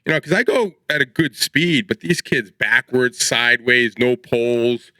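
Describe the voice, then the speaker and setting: A man's voice: mid-range voice, moderate pace, pushed and bright, no room sound, rough recording. A man in his forties co-hosting a podcast, telling rambling stories in casual chat and laughing as he talks. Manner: rambling storyteller, laughs mid-sentence. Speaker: podcast co-host.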